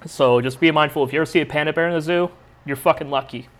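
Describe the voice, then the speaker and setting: A man's voice: fairly high pitch, fast talker. A young adult man hosting a podcast, telling a rambling, profane story in a casual, laid-back way. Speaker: podcast host.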